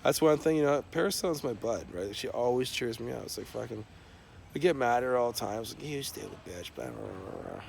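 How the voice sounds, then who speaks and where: Gravelly man rambling profanely. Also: medium pitch, fast talker, a little mellow, slight background noise. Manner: rambling, profane stream of talk. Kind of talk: unscripted monologue to camera.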